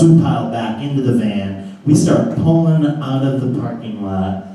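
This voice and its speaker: A man's voice: medium pitch, normal speed, dark tone. A man telling a comic story about his youth to a live audience, casual and profane. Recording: roomy live room from a distance.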